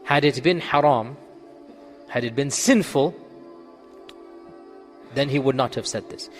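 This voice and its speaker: An Islamic scholar answers questions in a religious lecture, his medium-pitched male voice moving a little slowly through a large room with faint music in the background. He speaks emphatically, poses rhetorical questions and answers them himself, and keeps checking in with listeners by asking "Okay?"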